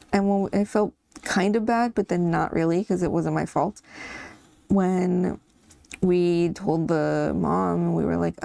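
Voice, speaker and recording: A woman's voice: fairly low pitch, fairly even intonation, unhurried, creaky, warm tone, dry recording. A woman hosting a coloring channel, chatting casually and rambling about her family while she colors, laughing now and then.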